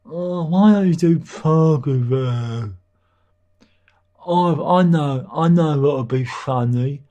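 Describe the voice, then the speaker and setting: A man's voice: on the high side, slow, warm tone, pitched above the performer's own voice. A man putting on the voice of a whiny, nagging male online commenter, drawn out and mocking. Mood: whining.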